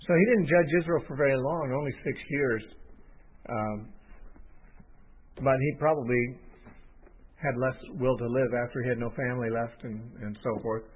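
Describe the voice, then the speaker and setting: A man's voice: mid-range voice, steady tone, moderate pace, pauses often, husky. A man teaching a Bible passage off the cuff, thinking aloud with restarts and fillers. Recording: tinny phone-line audio.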